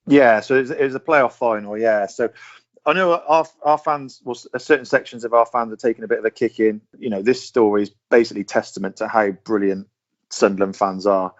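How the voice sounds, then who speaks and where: A man's voice: lowish voice, a little fast, muffled recording. A man with a southern English accent telling a long story in a casual podcast chat, repeating and circling his words as he goes. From southern England. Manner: rambling, repeats words, chatty. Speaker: podcast panelist.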